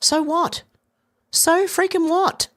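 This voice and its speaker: A woman's voice: very high voice, steady tone, slow pace. A woman giving opinion commentary over video clips in an exasperated, indignant way, recorded as a voice-over. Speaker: news commentator.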